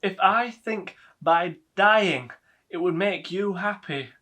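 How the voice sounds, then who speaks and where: A giddy, stubborn mum in her seventies, put on by a young man in a filmed stage monologue. Her voice sits fairly high and bright, fluttering up when she insists. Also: slow, heavily acted. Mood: tender. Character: chatty 72-year-old mother, giddy and stubborn.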